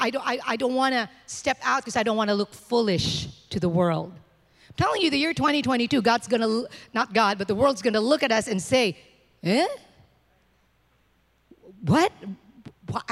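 A woman's voice: high-pitched, a bit bright. A woman pastor preaching a sermon to her congregation, emphatic and declaring, repeating phrases for weight. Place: church sanctuary. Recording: long reverb of a church hall.

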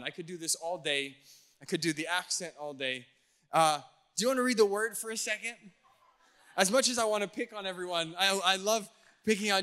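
A man's voice: sits high, bright, forceful tone. A male pastor giving a playful sermon, teasing his audience before reading scripture. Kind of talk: playful sermon to a youth crowd.

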